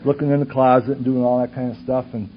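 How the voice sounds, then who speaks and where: A man's voice: mid-range voice, level tone, quick pace. A man from Wisconsin giving a personal testimony from a conference podium, full of pointed rhetorical questions. His volume rises and drops sharply as he talks. The sound is a dull, lo-fi tape recording with a faint hiss underneath. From Superior, Wisconsin. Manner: earnest, rhetorical questions, swings from loud to hushed. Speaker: conference speaker sharing his story. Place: conference hall with audience.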